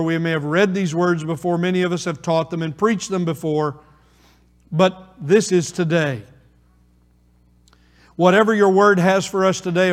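Slow-preaching pastor in a reverberant hall. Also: male voice, high voice. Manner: slow, deliberate preaching with emphatic repetition. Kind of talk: sermon.

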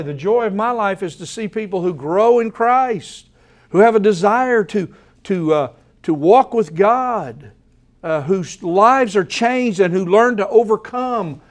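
A high-pitched male pastor delivers a sermon from the pulpit of a church. He talks emphatically, repeats his key phrases for weight and fills his pauses with hesitant "uh"s. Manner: emphatic preaching with repeated phrases and frequent fillers. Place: church sanctuary.

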